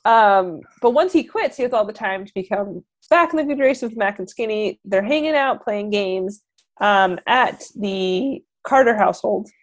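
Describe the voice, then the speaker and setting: A woman's voice: medium pitch, moderate pace. A woman retelling a film plot in casual chat, acting out the characters' lines as she goes. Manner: animated storytelling, acts out characters' lines. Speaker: podcast co-host. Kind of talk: casual movie recap chat.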